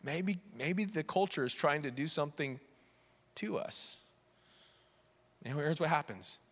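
A male pastor preaching an animated sermon, swinging between quiet asides and raised preaching and acting out the figures in quick voices. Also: a little high, big-room sound. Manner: acts out the king and others in quick voices. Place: church sanctuary.

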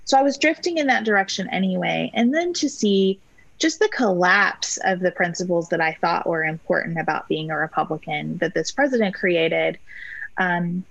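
A woman, a podcast guest and author, talking in an earnest, reflective way in measured full sentences. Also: lowish voice, gravelly, a bit bright, no echo, poor audio. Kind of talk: conversational interview.

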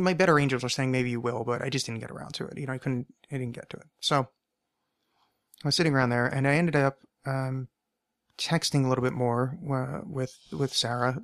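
A man's voice: medium pitch, fairly bright tone, no room sound, clean studio sound. A man hosting a podcast alone, telling a rambling anecdote and often correcting himself as he goes. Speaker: podcast host. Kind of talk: casual solo storytelling.

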